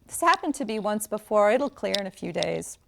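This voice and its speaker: A woman reading as a deadpan young man. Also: medium pitch, brisk, creaky, background noise. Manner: dry, deadpan, understated.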